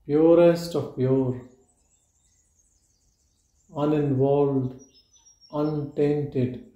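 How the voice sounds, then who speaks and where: A man giving a meditative spiritual talk at a live gathering, in slow, measured short statements with long pauses. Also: fairly high pitch, steady tone, highs cut off. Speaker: spiritual teacher. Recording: roomy echo.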